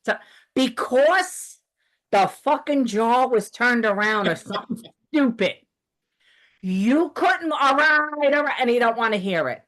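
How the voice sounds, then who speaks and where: A woman holds forth on a casual podcast, her voice sitting high. She rants in a heated, profane way, jumping into animated storytelling. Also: a little slow. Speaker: podcast host. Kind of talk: casual ranting chat.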